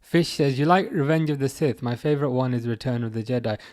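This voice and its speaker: A man hosting a live football watchalong, reading chat messages aloud and answering them in a chatty, halting way full of fillers and restarts. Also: medium pitch, a little mellow. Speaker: livestream host reading chat.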